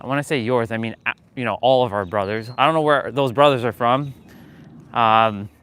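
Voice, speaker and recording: A man's voice: mid-range voice, moderate pace, fairly bright tone, clear, resonant tone. A man with a Western Canadian accent hosting a casual live stream, chatty and loose, laughing often and swearing freely. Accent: Western Canadian English. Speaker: fitness live-stream host. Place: lives in Canada.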